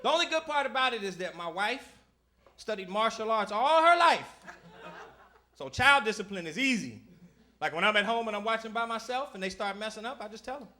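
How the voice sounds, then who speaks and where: High-pitched animated male stand-up comic. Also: brisk. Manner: animated storytelling, shifting into voices for family. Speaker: stand-up comedian. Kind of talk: stand-up set. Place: comedy club stage with audience. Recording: live club recording with loud audience.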